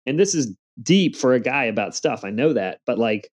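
A man's voice: medium pitch, expressive, normal speed. A man in his forties telling earnest stories in a casual interview, with a motivational tone. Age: 40s. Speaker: podcast guest.

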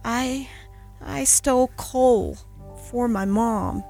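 A woman's voice: a little high, vocal fry, mellow, faint music behind, voice pushed up, exaggerated voice. A woman voicing a poor, ashamed young boy who stammers through a confession in a storybook reading. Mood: pleading. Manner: halting, stammering.

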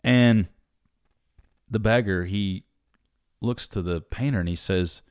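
A man's voice: lowish voice, expressive, measured pace, dry recording, clean studio sound. A man preaching a sermon in a conversational, emphatic storytelling manner.

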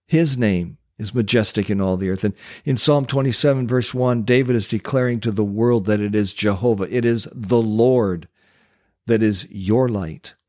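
A man's voice: a little mellow, no room sound, studio quality. Man preaching with urgent rhetorical questions. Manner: urgent rhetorical questions, reads Bible verses slower and lower. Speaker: purity coach, Christian minister. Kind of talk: preached devotional sermon with scripture readings.

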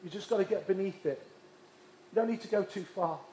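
A man from England, preaching with passionate, repeated emphasis that drops to hushed tones. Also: high voice, a little fast, a little hiss or hum. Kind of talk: sermon. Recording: echoey hall.

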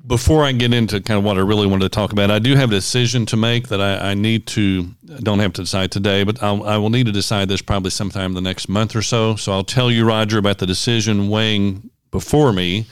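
A man hosting a podcast, explaining scripture in a measured, teaching way. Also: on the low side, fairly even intonation, clean tone, dry recording, studio quality. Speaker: podcast host, Bible teacher. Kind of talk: casual podcast chat with Bible teaching.

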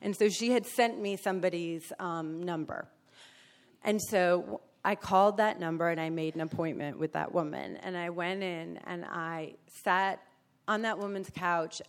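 A woman with a fairly low voice tells her recovery story in a frank, emotional way. She talks bluntly and swears freely. She often slips into animated impressions of the people she describes. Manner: animated storyteller who acts out other people. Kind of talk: candid personal testimony.

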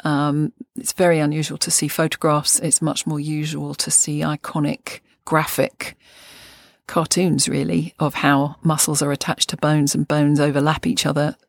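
An older woman in a measured, thoughtful way, explaining fascia and anatomy on a podcast. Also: sits low, level tone, vocal fry, dry recording, studio quality. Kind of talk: podcast lesson.

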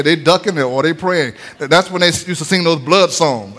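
A male pastor preaching a sermon, breaking into sing-song phrases and shouted lines. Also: on the high side, brisk, long pauses.

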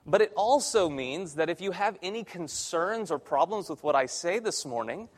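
A man's voice: fairly high pitch, slight background noise. A young man, a church intern, preaching a conversational sermon with self-deprecating humor in a church sanctuary. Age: young adult.

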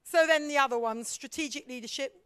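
Teaching a congregation about leadership, a lively woman speaks briskly in a high voice, firing questions at the audience and imitating other people's voices along the way. The sound is dry and close, without room echo.

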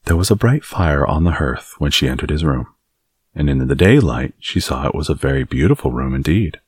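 A man narrating a classic children's novel as an audiobook, in a measured storytelling manner. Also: extremely low pitch, animated, slightly rough, no echo. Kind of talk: scripted narration.

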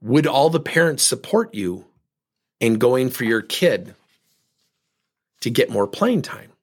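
Middle-aged male speaker, husky, lively pitch, acts out dialogue as he tells the story. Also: slow. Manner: animated, acts out both sides of conversations. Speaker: leadership speaker. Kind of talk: storytelling talk on coaching.

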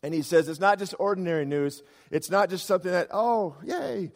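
A man preaching a sermon as a pastor, swinging from loud emphasis to quiet, low asides. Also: fast, big-room sound.

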